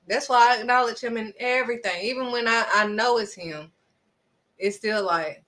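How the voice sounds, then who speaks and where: A woman's voice: fairly high pitch, normal speed, a bit bright. A woman speaking earnestly and conversationally, giving spiritual encouragement with dramatic little asides. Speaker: faith vlogger.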